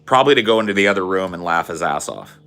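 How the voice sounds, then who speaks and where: A young adult man hosts a podcast, telling a rambling story in a casual way full of swearing and fillers. His voice sits low, bright and forceful, and he talks fast and animatedly.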